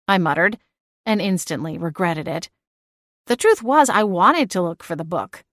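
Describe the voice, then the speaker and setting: A woman reading a first-person audiobook, narrating with expressive, exasperated dialogue. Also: lowish voice, normal speed, no echo, clean studio sound.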